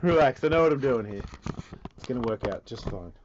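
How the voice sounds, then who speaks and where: A man hosting a comedy radio show, directing the others in an excitable, bossy way. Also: medium pitch, a little fast, dull audio. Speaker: radio host. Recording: loud background noise.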